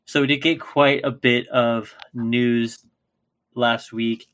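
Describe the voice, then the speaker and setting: A man's voice: medium pitch, slow pace. Laid-back man in casual podcast chat. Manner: relaxed, laughs often, repeats words when excited. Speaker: podcast co-host.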